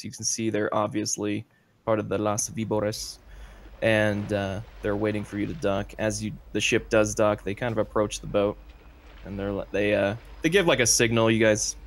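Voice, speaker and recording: A man narrating as game master of a tabletop role-playing game, loose and full of fillers. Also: fairly low pitch.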